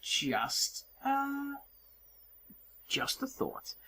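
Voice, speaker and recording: Casual woman let's-player, animated and self-mocking, loud one moment and mumbling the next. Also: high voice, extremely slow, a little hiss or hum. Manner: chatty, swearing, self-mocking, swings between yelling and mumbling. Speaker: let's play commentator. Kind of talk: casual game commentary. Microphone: desk mic, moves around it while playing.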